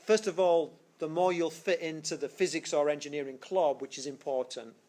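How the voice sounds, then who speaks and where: A man with a slightly high voice teaches a physics class, talking things through step by step. He rambles, stops to restart his sentences and fills the gaps with plenty of fillers. It sounds like a casual classroom lecture captured for a screencast. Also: fairly even intonation, normal speed, a little mellow. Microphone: screencast recording.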